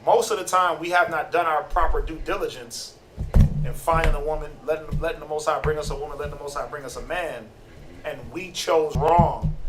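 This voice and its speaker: A man giving a casual, slangy sermon-style Bible teaching, animated and conversational. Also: a little high, brisk. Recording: roomy, distant mic, faint noise.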